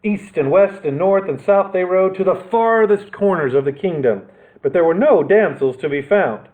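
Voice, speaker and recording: A male children's librarian reading a picture book aloud, animated and playful with asides. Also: high-pitched, normal speed, poor audio.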